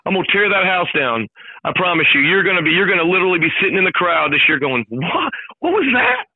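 A man's voice: high-pitched, very fast, no echo. A man, a sports announcer chatting as a radio show guest, talking with enthusiasm. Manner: enthusiastic, hyped storytelling. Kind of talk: casual radio chat. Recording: dry, phone-like line.

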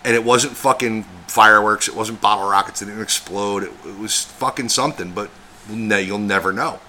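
A man co-hosting a casual podcast, swearing constantly and rambling with animated energy. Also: lowish voice, moderate pace, a little hiss or hum. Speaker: podcast co-host.

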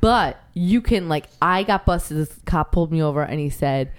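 A woman's voice: sits low, expressive, moderate pace, smooth. A woman in casual podcast chat, telling stories animatedly, often laughing and acting out the people she quotes.

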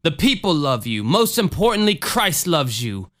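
A man putting on the voice of a theatrical faith-healing preacher, with a booming, sing-song preaching cadence. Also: big pitch swings, moderate pace, fairly bright tone. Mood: coaxing. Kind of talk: casual chat.

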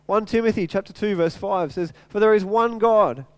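A man's voice: high-pitched, moderate pace, clean tone, dry recording. A middle-aged man preaching a sermon in an earnest way, repeating phrases to drive his point home. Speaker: pastor.

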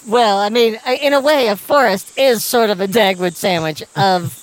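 A woman playing a dry, deadpan grown son camping with his father in an improvised comedy scene, questioning his father's odd remarks. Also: medium pitch, unhurried, no echo, lightly acted, low-quality recording.

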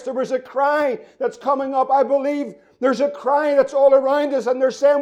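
A pastor with a notably high voice delivers an impassioned sermon in church. His tone stays mellow and warm even as he repeats his questions with rising urgency. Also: normal speed, muffled recording. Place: church meeting room.

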